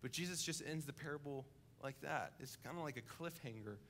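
A young adult coordinator preaching a sermon in church, telling a story vividly, dropping to a hush and then building to emphasis. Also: male voice, a little high, fairly quick, a little hiss or hum. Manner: vivid storytelling, acting out the characters; swings between hushed and emphatic. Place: church service, live-streamed.

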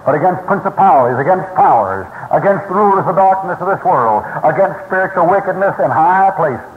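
A man preaching a sermon in a folksy, emphatic storytelling way, recorded in a large church hall. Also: sits high. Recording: tinny, echoey hall recording from the 1960s.

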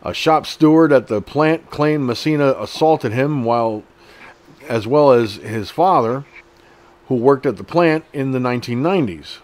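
A man's voice: mid-range voice, animated, a little slow, a little mellow. A middle-aged man hosting an online news show, reading an article aloud and breaking off into blunt, profane, indignant commentary.

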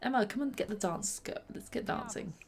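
Bubbly woman with a lively, swooping voice. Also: fairly high pitch, fairly quick. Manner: bubbly, excitable; slips into soft whispers. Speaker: gaming channel host. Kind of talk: let's play commentary.

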